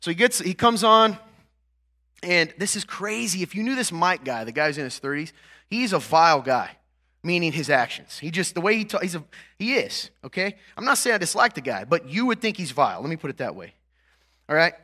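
This pastor's voice is on the high side and sing-song, his pace fairly quick. He preaches in a conversational way, frequently asking "right?" and "okay?", then swells to emphatic, louder moments.

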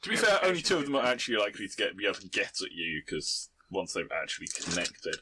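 A man's voice: low voice, sing-song, quick pace, noisy background. A man running a tabletop game as game master, laughing often.

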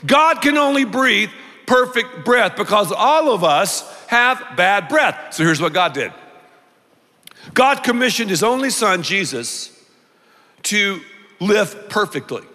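A male pastor delivering a sermon in a big church auditorium, his bright, high voice carrying a long reverb from the room. He tells stories animatedly and acts out his own inner thoughts. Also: big pitch swings, slow. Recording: long reverb of a large hall.

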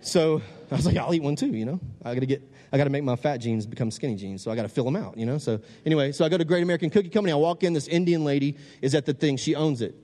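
Man, young adult, sermon, mellow voice, exhortation to casual storytelling, long hall reverb. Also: fairly high pitch, rapid-fire, few pauses. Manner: swings from loud exhortation to quiet storytelling. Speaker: youth preacher.

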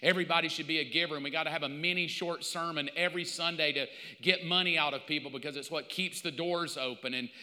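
A man preaching a sermon as pastor, telling stories with lively mock quotes. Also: fairly high pitch, fast, hardly any pauses, in a large hall. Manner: animated storytelling with mock quotes.

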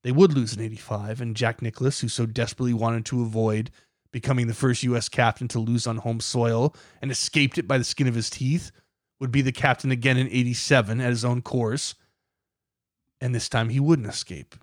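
A man's voice: medium pitch, fairly even intonation, a little fast, no room sound, clean studio sound. A man hosting a podcast, reading scripted documentary narration with a dramatic, building emphasis. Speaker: podcast host.

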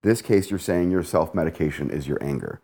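A man talking as a coach or therapist, explaining ideas in a relaxed conversation and acting out little examples as he goes. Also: extremely low pitch, a little fast. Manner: animated, explains with acted-out examples.

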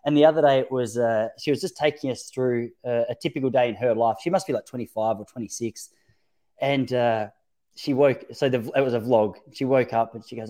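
Man, podcast host, mid-pitched voice, relaxed and reflective, casual chat. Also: fairly quick.

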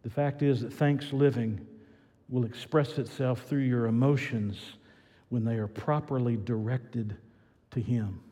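A man preaching a sermon as pastor, swinging from loud excited build-ups to quiet earnest passages. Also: medium pitch, measured pace, long reverb tail.

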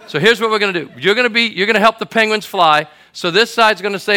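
A middle-aged man, a pastor, preaching to a congregation and telling a comic story that builds to shouts at its climax. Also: sits high, fast talker, hardly any pauses, smooth. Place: church auditorium before a congregation.

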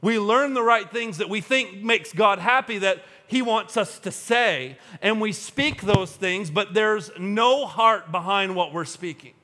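A man preaching a sermon to a congregation in a church, animated and humorous, acting out everyday scenes. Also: sits high, unhurried, few pauses. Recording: long hall reverb.

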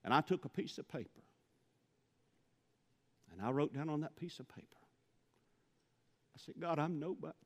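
A man's voice: on the high side, expressive, moderate pace, pauses often, in a large hall. A man from Mississippi, preaching a sermon, telling stories and building to impassioned pleas. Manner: storytelling, rising to impassioned pleading.

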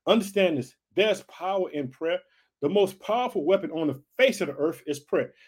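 Male podcast preacher, forties, high-pitched and fervent, repetitive exhortations. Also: animated, moderate pace, husky. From United States. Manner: fervent, repetitive calls of hallelujah and family.

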